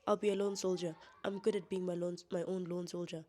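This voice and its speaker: A woman's voice: fairly low pitch, level tone, brisk, warm tone. A young woman talking straight to camera in a candid vlog monologue, blunt and defiant, laughing often. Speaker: vlogger.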